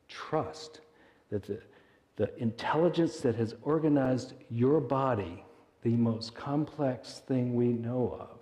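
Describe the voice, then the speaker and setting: A man delivers a sermon that drifts into guided meditation, speaking gently and unhurriedly with soft pauses. His voice is mellow and warm, at an ordinary pitch. The sound carries a long reverb, as if from a large sanctuary. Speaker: minister. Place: church sanctuary.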